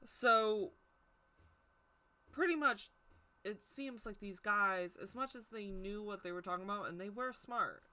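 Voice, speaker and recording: Woman, casual teaching talk, bright tone, rambling and self-deprecating. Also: mid-range voice, measured pace. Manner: chatty, self-deprecating, stumbles over names. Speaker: tarot teacher.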